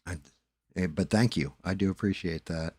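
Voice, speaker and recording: A man's voice: low voice, moderate pace, a little mellow, slightly rough, no echo. A man hosting a live stream, telling stories casually and swearing freely. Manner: laid-back storytelling with swearing.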